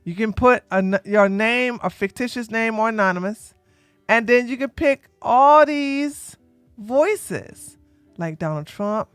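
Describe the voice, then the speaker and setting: On a livestream, a woman chats casually with her viewers in a soft, slow, unhurried way, a break from her usual yelling. Her middle-pitched voice is smooth with lively intonation, recorded dry and close to the mic with no room sound and faint music behind.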